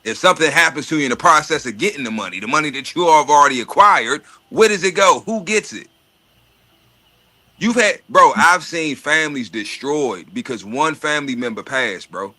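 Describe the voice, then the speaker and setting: A man's voice: a little high, expressive, moderate pace, pushed and bright. A man talking in casual chat about money and estates, profane and streetwise, often repeating words while he searches for them. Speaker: podcast host.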